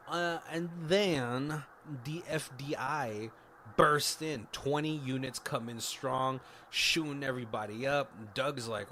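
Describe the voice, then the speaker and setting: A man's voice: medium pitch, a little slow, fairly bright tone, a little hiss or hum. A man casually retelling a movie plot on a podcast, rambling and swearing, with laughs. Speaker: podcast co-host. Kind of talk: casual movie recap chat.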